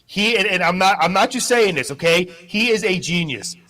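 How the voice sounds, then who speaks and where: Jokey, bright-voiced man on radio. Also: high-pitched, moderate pace. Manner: jokey, self-deprecating, animated. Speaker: news reporter. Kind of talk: casual radio chat.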